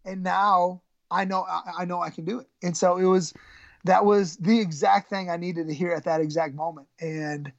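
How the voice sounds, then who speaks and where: A woman who coaches high school wrestling tells a story in an interview, halting and repeating words. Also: steady tone, vocal fry, dry recording. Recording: dull, slightly lo-fi sound.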